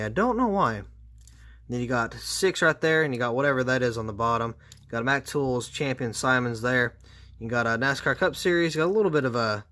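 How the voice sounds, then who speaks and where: A man with a bright, forward voice talks casually through a hobby review. He sounds tired, his voice strained and slipping, and he rambles with dry sarcastic asides at a steady middle pitch. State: tired, voice going out. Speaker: diecast reviewer.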